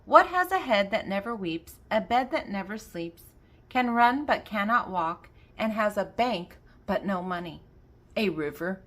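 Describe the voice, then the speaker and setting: With a mid-range, expressive, slightly bright voice, an older woman works through a children's joke book at a measured pace. She poses each riddle aloud, gives the answer, and laughs at her own jokes.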